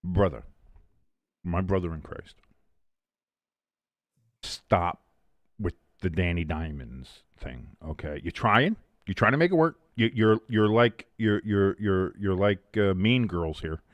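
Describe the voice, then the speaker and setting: Guy hosting a football watch-along stream, lowish voice, bouncy delivery, dry sound, swears a lot. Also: slow, pauses often, no echo, muffled recording. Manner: animated play-by-play mixed with profane rants. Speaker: host. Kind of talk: live game watch-along commentary and chat.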